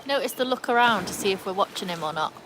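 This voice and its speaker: A woman's voice: medium pitch, animated, fast, noisy background. Chatty English-Welsh woman livestreaming outdoors. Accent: English with a Welsh tinge. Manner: chatty, answers viewer comments as she goes. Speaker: livestream host. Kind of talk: casual livestream chat.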